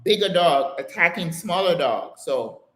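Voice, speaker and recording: A woman's voice: on the low side, measured pace. Chatty older woman in an echoey room. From United States. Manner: chatty, animated storytelling with exclamations and laughter. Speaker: host of a live Q&A stream. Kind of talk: casual live-stream chat answering viewer comments.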